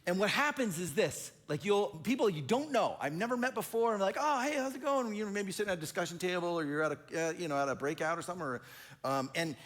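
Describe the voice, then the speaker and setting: Lively, animated male pastor. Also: sits high, fast. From Oregon. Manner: animated storytelling, acting out other voices. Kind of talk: conversational sermon.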